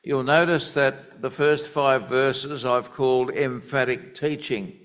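A man delivers a Sunday sermon, working through a Bible passage with deliberate emphasis. He speaks slowly at a middling pitch, taking his time over each point. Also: steady tone, a bit bright. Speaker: preacher.

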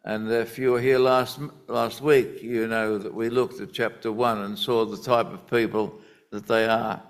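A man preaching a sermon, teaching from the Bible in a deliberate, emphatic way. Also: on the low side, little pitch movement, clear, resonant tone.

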